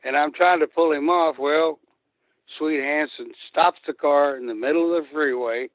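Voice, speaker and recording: A man's voice: on the high side, fairly even intonation, moderate pace, dry recording. An older man calling into a show, telling rambling, profane road stories. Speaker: guest wrestler. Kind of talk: storytelling on a phone-in. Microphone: phone. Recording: tinny phone line.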